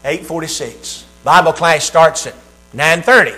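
A man's voice: on the high side, a little slow, pushed and bright. A man preaching a sermon, reading scripture and telling a humorous story with acted-out voices.

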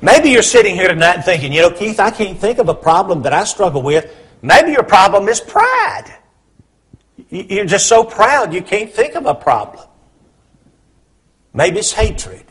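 Husky, high-voiced preacher with dramatic swings. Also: male voice, big pitch swings, moderate pace. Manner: dramatic swings from hushed to loud. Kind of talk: sermon.

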